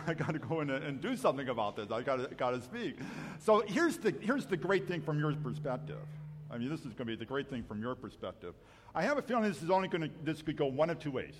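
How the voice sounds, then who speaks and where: A man delivers a sermon in a church sanctuary, his pitch swinging widely as he jokes about himself. He often stops and restarts his sentences, and his voice rings with long reverb from the hall. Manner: self-deprecating, joking, halting restarts. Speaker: guest preacher.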